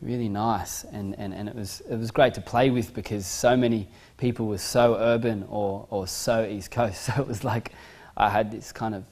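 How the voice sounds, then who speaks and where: A man's voice: lowish voice, fairly even intonation, moderate pace, few pauses, darkish tone. A young adult man with an Australian accent, a musician and surfer talking casually to camera in a laid-back, rambling way, full of fillers and repeated words. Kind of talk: casual personal talk to camera.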